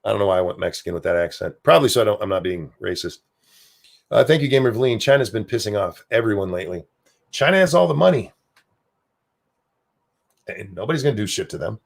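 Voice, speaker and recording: A man's voice: fairly low pitch, expressive, quick pace, gravelly, pauses often. A man from the United States hosting a livestream, rambling casually and cursing freely as he reads out viewer comments. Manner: rambling, profane, offhand. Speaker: livestream host.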